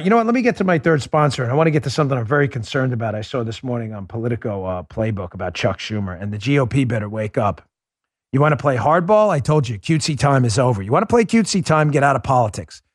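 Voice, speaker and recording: A man hosting a political commentary podcast, talking in a sarcastic, mocking, animated way. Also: mid-range voice, dry recording, clean studio sound. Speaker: host.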